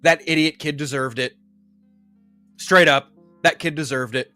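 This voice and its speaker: A man's voice: fairly high pitch, animated, a little slow, long pauses, bright, forceful tone, clear, resonant tone, soft background music. A man hosting a commentary show, ranting heatedly and swearing often.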